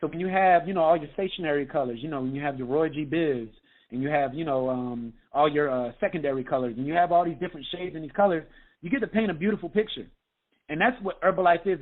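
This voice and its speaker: A man, a health coach, giving an energetic motivational talk on a group call, often checking in with "okay?". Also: fairly high pitch, fast. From United States. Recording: tinny phone line.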